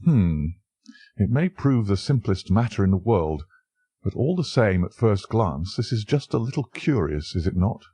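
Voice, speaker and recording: A man's voice: fairly low pitch, sing-song, moderate pace, warm tone, husky, no echo. A man voicing a shrewd male detective who speaks thoughtfully. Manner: thoughtful, probing.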